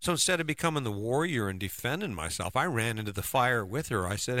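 A man's voice: mid-range voice, lively intonation, fast, hardly any pauses, pushed and bright, dry recording. A middle-aged man giving a conversational motivational talk as a relationship coach, often checking in with "right?". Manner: conversational, keeps asking "right?".

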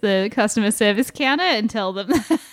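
A woman's voice: medium pitch, lively intonation, moderate pace. A woman co-hosting a podcast, chatting casually, laughing often and teasing her co-host. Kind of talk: casual chat.

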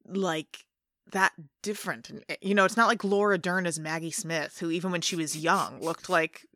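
A woman's voice: lowish voice, normal speed, bright, forceful tone, dry recording, clean studio sound. A woman co-hosting a casual film podcast, talking thoughtfully about casting. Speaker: podcast co-host.

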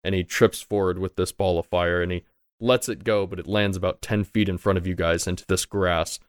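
A man's voice: deep voice, fairly even intonation, a little fast, smooth, no echo, clean studio sound. A man narrating a tabletop game as game master, in a loose, conversational way and casually swearing.

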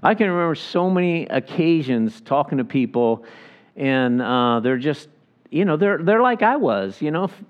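A man's voice: a little high, very animated, normal speed, dull audio. A male pastor teaching a sermon in a conversational, folksy way, often acting out the people in the story. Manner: conversational, folksy Bible teaching with restarts and quoted voices.

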